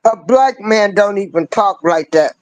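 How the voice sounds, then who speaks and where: An older woman giving ranting commentary, hammering the same rhetorical questions and swinging between rising cries and low asides in slangy speech. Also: expressive, measured pace, a little mellow, no echo, rough recording. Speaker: online commentator.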